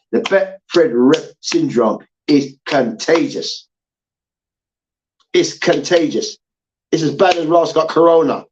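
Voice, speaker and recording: A man's voice: a little high, a little mellow, muffled recording. A man hosting a heated sports debate show, ranting and swearing, repeating his points and mocking people with chants.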